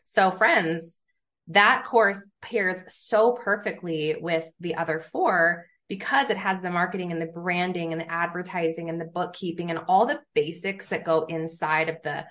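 A woman hosts a podcast in easy, casual conversation. Her voice sits on the lower side, and she talks with eager enthusiasm, sprinkling "like" through long, looping questions. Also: normal speed, a bit bright. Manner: enthusiastic, chatty, uses many fillers like "like". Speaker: podcast host.

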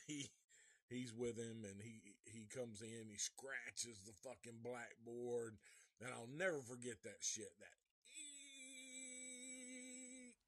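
Brief: man reviewing a movie live, unhurried and rambling, curses a lot, dry close sound. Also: medium pitch, fairly even intonation, a bit bright, no room sound. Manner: rambling, profane, restarts often.

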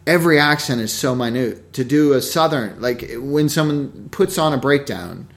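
A man's voice: medium pitch, animated, normal speed, vocal fry, fairly bright tone. A man who works as an actor, talking bluntly in casual chat and swearing for emphasis.

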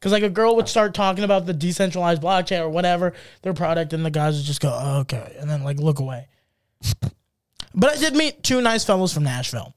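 A man's voice: high voice, fast, smooth, dry recording, studio quality. A young man co-hosting a podcast, telling stories in a casual chat and acting out the people he quotes. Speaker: podcast co-host.

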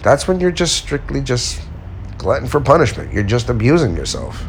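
A man's voice: mid-range voice, huge pitch swings, moderate pace, slight background noise. A man in a mid-range voice talks directly to his audience about learning from mistakes. He is blunt and candid, and he tells personal stories while acting out the lines of the people in them. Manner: blunt, candid, storytelling with acted-out quotes. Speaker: self-help speaker. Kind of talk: casual motivational talk to viewers.

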